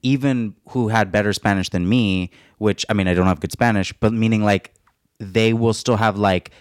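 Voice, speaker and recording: A man's voice: lowish voice, fairly even intonation, normal speed, dry recording, clean studio sound. Casual, chatty male podcast co-host. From United States. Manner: chatty, laughs often, lots of fillers. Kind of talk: casual chat.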